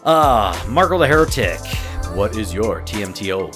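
A man's voice: on the low side, moderate pace, over music. A man hosting a casual podcast chat, telling stories with lots of laughter. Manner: animated storyteller, laughs often. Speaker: podcast host.

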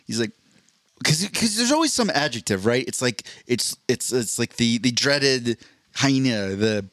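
A man's voice: mid-range voice, expressive, a little slow, fairly bright tone, dry recording, clean studio sound. A man co-hosting a podcast in casual chat, playful and jokey, often restarting his words. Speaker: podcast co-host.

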